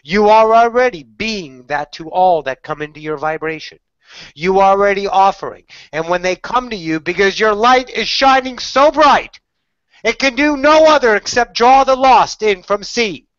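A woman's voice: medium pitch, normal speed, clear, resonant tone, no echo. A woman channeling spiritual teachings in a webinar, preachy, with rhetorical questions, calling the listener darling. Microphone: webinar call audio. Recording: slightly dull webinar audio.

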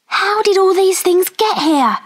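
A woman voicing a timid, excitable young servant girl who speaks in a high, quavering voice. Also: a little slow. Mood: amazed.

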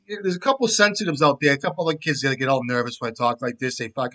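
A man giving casual, profane commentary while he plays a card game, joking around and often trailing off into low mumbles. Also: fast, hardly any pauses, fairly bright tone.

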